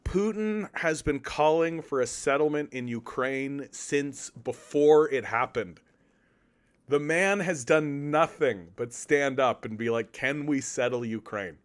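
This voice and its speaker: A man's voice: a little high, takes it slowly, clear, resonant tone. A man from Canada giving casual political commentary on an article, with profane, sarcastic, exasperated ranting.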